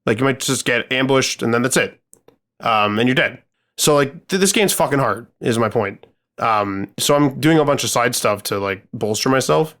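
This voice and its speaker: A male podcast co-host tells a gaming story in casual chat, rambling with lots of fillers and swearing freely. His medium-pitched voice has lively intonation, a moderate pace and a slightly bright tone.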